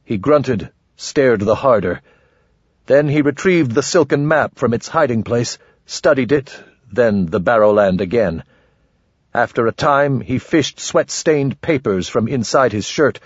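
A man narrating a fantasy novel in a measured, grave storytelling voice, on a dull lo-fi audiobook recording. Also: medium pitch, animated, breathy edge, dry recording.

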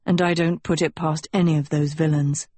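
A woman voicing a confident, protective young prince in an audiobook, lowering her voice and speaking in an assured, commanding way. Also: level tone, normal speed, dark tone, breathy edge, dry recording. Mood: earnest.

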